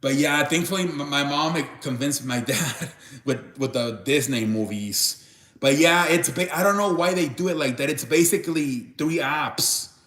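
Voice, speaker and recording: A young man hosting a casual live stream rambles through answers to chat, stumbling over restarts. His voice is a bit high for a man and fairly bright, his pace moderate, and the room echoes around him.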